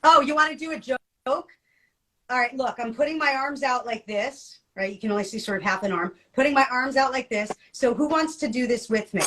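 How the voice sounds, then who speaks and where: A middle-aged woman co-hosts a podcast in easygoing chat. Her voice sits a touch high, and she talks in an animated, jokey way with frequent laughter. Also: brisk, rough recording. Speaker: podcast co-host. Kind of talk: casual chat.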